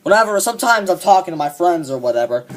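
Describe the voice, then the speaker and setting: In a comedic monologue, a fan performer plays a cocky young man who smugly rants about a coworker, swearing heavily. The mid-range voice is very animated and fast, close to how someone normally talks.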